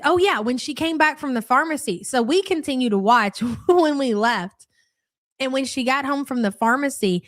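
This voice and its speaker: Woman streamer, blunt and mocking, fairly high voice, dry close sound. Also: fairly bright tone, no room sound. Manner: blunt, mocking, swears freely. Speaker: commentary streamer. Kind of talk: casual live-stream commentary.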